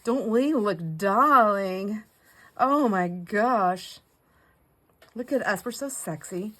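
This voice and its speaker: Excitable middle-aged woman vlogger, casual rambling chat, squeaky gushing peaks. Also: slow pace, low-quality recording. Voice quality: goes squeaky when excited. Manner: gushing, rambling with self-corrections. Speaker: craft vlogger. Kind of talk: casual chat while opening mail.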